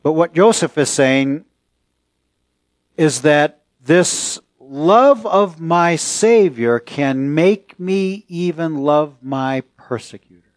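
A man preaching a sermon as pastor, earnest and emphatic, pausing mid-phrase. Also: on the high side, lively intonation, no echo.

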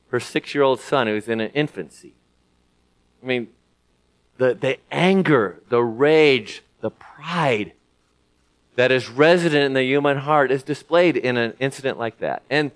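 A man preaching a sermon in a conversational way, often pausing with fillers and restarting his sentences. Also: medium pitch, a bit bright. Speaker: pastor.

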